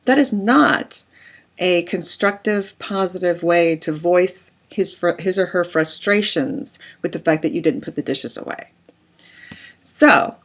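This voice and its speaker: A woman relationship coach explaining in a conversational way, using everyday examples and casual fillers. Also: lowish voice. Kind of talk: explanatory talk to camera.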